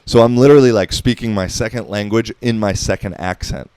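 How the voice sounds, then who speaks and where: Fairly quick and fairly low, his darkish, resonant voice comes through clearly without echo. He's a thirtysomething American podcaster who rambles easily, cursing freely and filling gaps with ums and likes.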